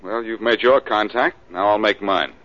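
An actor in an old radio drama playing a cocky, wisecracking reformed-thief detective. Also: male voice, on the low side, moderate pace, lightly acted. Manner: dry wisecracks, easygoing. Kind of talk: 1940s radio acting. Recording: dull old radio broadcast.

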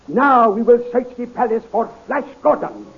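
An actor playing a calm, resourceful scientist who speaks formally in a 1930s radio serial. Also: male voice, extremely high pitch, gravelly, narrow, tinny audio, exaggerated voice. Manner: formal, no contractions, steady commands. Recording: scratchy 1930s radio recording.

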